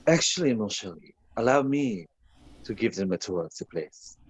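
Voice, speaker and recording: A man's voice: on the low side, very animated, normal speed, husky, dull audio. A man voicing a suave black-furred cat-folk monk who drops in French endearments.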